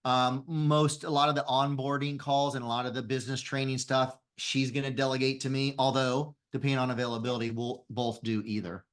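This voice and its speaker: A man's voice: mid-range voice, little pitch movement, fairly quick, few pauses, a bit bright. A man who is a guest on a podcast, explaining his business earnestly with frequent restarts. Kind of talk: conversational interview.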